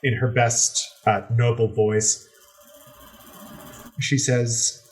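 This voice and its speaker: A man narrating a tabletop role-play game as game master, describing scenes in an unhurried way with many fillers. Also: mid-range voice, little pitch movement, faint music behind.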